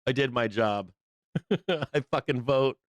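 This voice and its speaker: A middle-aged man ranting off the cuff on his live trading stream, swearing freely and breaking into laughs. His voice is smooth and resonant, recorded close and dry with no room sound. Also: mid-range voice, slow pace, dry recording. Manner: blunt, profane, laughs often. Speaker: live trading show host. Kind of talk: casual livestream chat.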